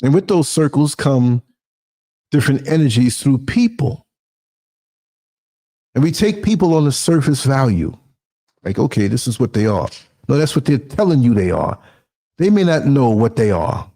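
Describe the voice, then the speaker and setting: A man's voice: medium pitch, big pitch swings, normal speed, pauses often, mellow. A middle-aged man from New York with a New York accent, hosting a talk show in a reflective, rambling conversational way. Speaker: host. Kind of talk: casual talk show monologue.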